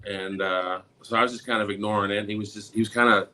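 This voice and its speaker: A middle-aged man telling a story in a casual talk. He acts out the quotes in a raised, sometimes shouting voice. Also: lowish voice, fairly even intonation, quick pace. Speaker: podcast co-host.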